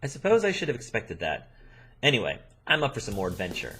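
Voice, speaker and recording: A timid young woman, as a man reads her, speaking softly and with hesitation, stammering a little. Her lines are lively in pitch despite the quiet delivery. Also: fast, soft background music, full character voice.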